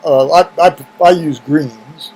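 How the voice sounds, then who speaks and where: A man's voice: on the high side, steady tone, slow pace, warm tone, slight background noise, poor audio. A middle-aged man talking casually to camera in a video blog at home, rambling with many restarts and fillers. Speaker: video blogger. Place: home room with heaters running.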